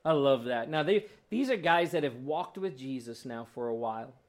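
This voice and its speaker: A man preaching a sermon with emotional swings, building to loud peaks and then dropping to a soft, low voice. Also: expressive, moderate pace. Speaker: pastor.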